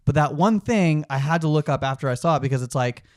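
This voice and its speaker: Higher-voiced opinionated man, casual. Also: fast talker, a little mellow, dry recording, studio quality. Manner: opinionated, swears freely. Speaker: podcast co-host. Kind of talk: casual film review chat.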